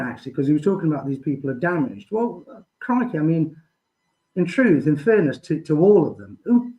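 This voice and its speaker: A man's voice: medium pitch, highs cut off. A man with a Midlands English accent, a guest in a live chat, rambling through anecdotes.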